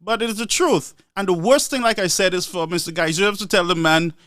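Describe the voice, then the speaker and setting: A man's voice: high-pitched, fairly quick, no room sound, clean studio sound. A man giving live political commentary, laughing often and repeating words for emphasis. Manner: animated, laughs often between phrases.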